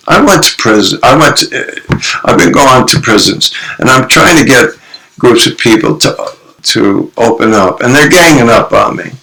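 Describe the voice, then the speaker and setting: Gravelly, bright-voiced male storyteller. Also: medium pitch, normal speed, rough recording. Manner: animated storyteller who acts out quotes. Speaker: guest, psychologist and author. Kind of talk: storytelling interview.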